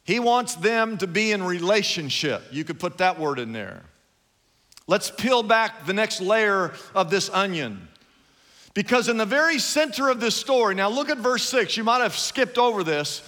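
Male pastor, animated and emphatic, high, bright voice, reverberant church. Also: moderate pace. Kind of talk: sermon. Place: large church hall. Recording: long hall reverb.

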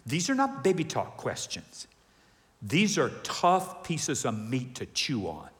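Animated preacher in a reverberant hall. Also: male voice, mid-range voice, slow pace. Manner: animated, acts out voices and questions to the congregation. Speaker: pastor. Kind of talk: sermon. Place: large church hall with congregation.

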